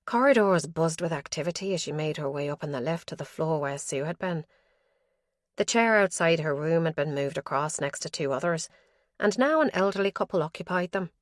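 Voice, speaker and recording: A woman with a lowish voice reads a crime thriller in a measured, even way. She is close to the mic and the sound is dry, with no room around it. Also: dry recording. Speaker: audiobook narrator. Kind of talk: scripted narration.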